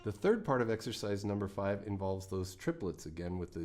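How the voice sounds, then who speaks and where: A man's voice: fairly low pitch, very animated, a little fast, hardly any pauses, darkish tone. A man teaching a guitar lesson, talking through picking exercises in a plain, encouraging way with the odd folksy quip. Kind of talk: instructional lesson.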